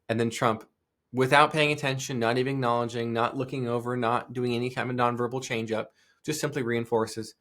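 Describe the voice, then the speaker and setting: A man's voice: mid-range voice, fairly even intonation, a little fast, fairly bright tone. A male podcast host giving discursive solo commentary, full of asides and restarts.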